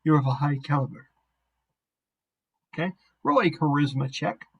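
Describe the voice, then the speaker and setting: Self-deprecating game master, male, slightly higher pitch, online session. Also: lively intonation, normal speed, fairly bright tone, breathy edge, muffled recording. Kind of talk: narrating a tabletop game over a voice call.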